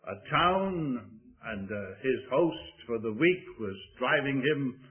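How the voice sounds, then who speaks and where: A man preaching a sermon slowly and deliberately, with sing-song rises and hushed drops on key words. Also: medium pitch, lively intonation. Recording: tinny phone-like old recording.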